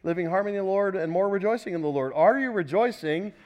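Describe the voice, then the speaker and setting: A male pastor preaching a sermon, asking the congregation rhetorical questions and swinging between loud, emphatic passages and quieter, softer ones. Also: high voice, fast talker.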